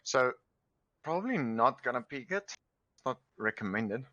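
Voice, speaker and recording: Bright-voiced man calling esports. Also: medium pitch, unhurried, no room sound, muffled recording. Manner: steady play-by-play. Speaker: esports caster. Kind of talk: live esports commentary. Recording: faintly noisy stream audio.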